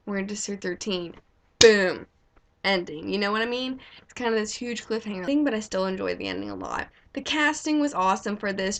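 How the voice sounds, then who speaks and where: A young woman in casual chat, reviewing a film in an excited, gushing way with lots of "like". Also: mid-range voice, vocal fry. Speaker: vlogger reviewing a movie.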